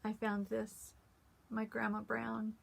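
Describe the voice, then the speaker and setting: A woman vlogger reading scripture and talking it through in a casual, heartfelt way, pausing often with "um". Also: fairly high pitch, monotone, creaky. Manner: earnest, heartfelt, many "um" pauses. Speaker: cross-stitch vlogger.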